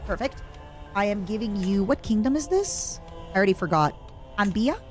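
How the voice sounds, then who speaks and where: A woman's voice: mid-range voice, normal speed. Chatty woman streamer with game music. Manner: chatty, self-mocking, bursts into excited shouts. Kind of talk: casual gameplay commentary.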